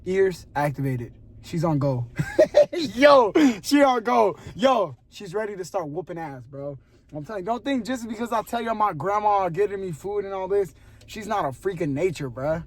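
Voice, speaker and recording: A young man vlogging, telling a story in casual chat, animated and laughing often, dropping to a hushed voice for suspense. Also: high voice, normal speed. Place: parking lot at a gym at night.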